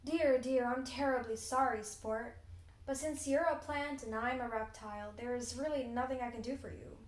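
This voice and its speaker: A woman's voice: on the high side, normal speed, natural voice. A hungry male lizard with genteel, prim airs, voiced by a teenage girl reading a storybook. He talks in a fussy, posh, polite manner. The room is echoey.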